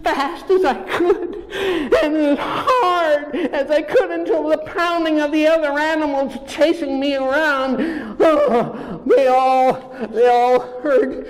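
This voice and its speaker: Male storyteller, playful children's tale, drawn-out pacing, reverberant hall. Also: very high voice. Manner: lively, playful, sound effects. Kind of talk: animated children's story narration.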